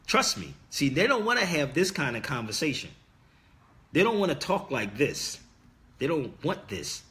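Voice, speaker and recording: Pitched a little high and very animated, this middle-aged man's voice is pushed and bright at a moderate pace. As a livestream host, he delivers a casual sermon-like monologue to viewers, insistent and emphatic, with repeated key words.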